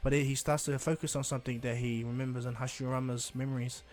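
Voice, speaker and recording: A man's voice: mid-range voice, level tone, fast talker, a little mellow. A man casually retelling a fan story, rambling along with restarts and "and he goes.".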